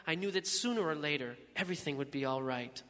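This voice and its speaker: A man narrating a first-person story in a measured, reflective way. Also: fairly high pitch, animated, bright, forceful tone, long reverb tail.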